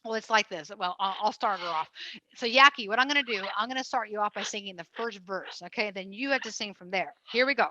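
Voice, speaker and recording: A woman's voice: mid-range voice, fast talker, bright, forceful tone, no room sound, poor audio. A woman presenting a live family show with trained parrots, coaxing and cheering the birds along.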